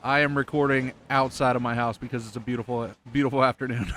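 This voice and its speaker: A man hosting a podcast interview outdoors at his home, easygoing and quick to laugh along. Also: mid-range voice, background noise. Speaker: podcast host. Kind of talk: casual interview chat. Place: outdoors outside his house.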